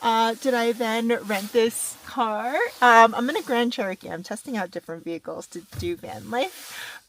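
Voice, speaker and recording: A woman's voice: fairly high pitch, a bit bright. A woman vlogging casually from a car and outdoor viewpoints, chatty and exclamatory, swearing freely. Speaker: travel vlogger. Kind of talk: casual vlog monologue.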